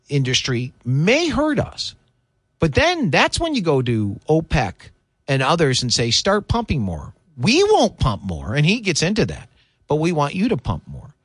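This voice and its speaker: A man's voice: a little high, a bit bright, husky, dry recording. A man hosting political talk radio, delivering opinionated commentary in an indignant, emphatic way. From United States.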